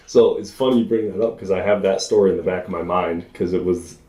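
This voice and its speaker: A young man chats as a podcast guest, telling a long story with animated energy and plenty of filler words. His voice sits a bit low, and he laughs often as he talks. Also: normal speed. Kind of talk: casual storytelling chat.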